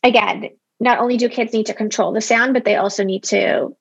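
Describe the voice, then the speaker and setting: Candid woman with gravelly fry. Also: fairly high pitch, steady tone, a little fast, no echo, highs cut off. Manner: candid and chatty, peppered with "like". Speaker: app company founder as guest. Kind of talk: casual interview conversation.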